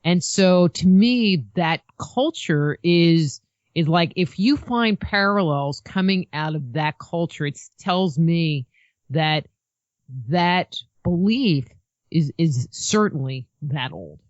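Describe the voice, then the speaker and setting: A woman's voice: on the low side, animated, slow, a little mellow, no echo. A woman guest on a podcast, talking casually in a rambling way full of "you know". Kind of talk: casual chat. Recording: muffled lo-fi dry sound.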